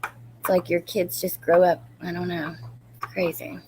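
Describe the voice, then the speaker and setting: A woman's voice: lowish voice, little pitch movement, measured pace, a little mellow, a little hiss or hum. A woman in her thirties hosting a casual true crime livestream, rambling and greeting viewers by name as she reads their comments.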